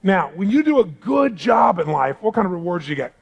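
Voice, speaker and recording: A middle-aged man giving an animated motivational seminar talk to a live audience in a large hall, calling for responses. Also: high-pitched, fairly quick, gravelly, husky. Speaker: motivational speaker.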